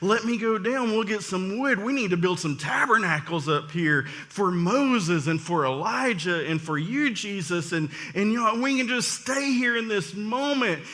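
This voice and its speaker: A man voicing an excited, impulsive male disciple who gushes in an eager rush. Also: high voice, normal speed, hardly any pauses, pitched above the performer's own voice.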